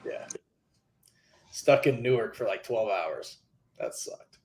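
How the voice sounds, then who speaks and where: A man's voice: lowish voice, animated, slow. A man co-hosting a casual chat, easygoing and swearing casually, often agreeing with short replies. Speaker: podcast co-host.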